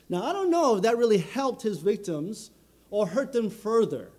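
A man preaching a sermon in an earnest, measured way, often filling pauses with "you know". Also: sits high, very animated, dark tone.

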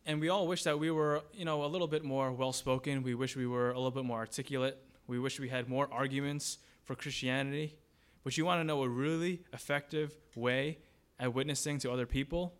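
A man's voice: medium pitch, steady tone, a little fast, clear, resonant tone. Conversational male pastor preaching. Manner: conversational, asks the congregation questions and acts out grumbling voices. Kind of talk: sermon.

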